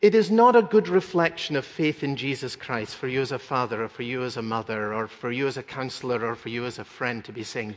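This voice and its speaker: A man's voice: medium pitch, animated, fairly quick, few pauses, big-room sound. A middle-aged man preaching an earnest, emphatic radio sermon as pastor.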